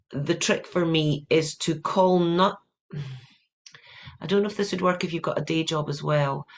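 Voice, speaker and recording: Wry joking woman from Europe. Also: deep voice. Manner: wry, joking, laughs while talking. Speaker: panelist, mystery writer. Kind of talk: panel discussion.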